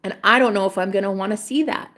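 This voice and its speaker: A woman's voice: mid-range voice, fast, a bit bright. A young woman talks straight to her livestream viewers in a casual, confessional way. She is blunt and swears freely, and her voice gets emotional as she speaks. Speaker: livestream host.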